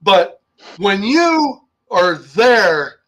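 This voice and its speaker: A man's voice: high voice, very animated, extremely slow, a bit bright, rough recording. An older man co-hosting a sports talk show, ranting heatedly about a game. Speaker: podcast co-host.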